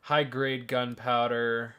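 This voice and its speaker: A man playing a video game on a let's play show, excitable, swearing freely and muttering to himself about his inventory. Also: mid-range voice, slow, smooth, dull audio. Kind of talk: casual gaming commentary.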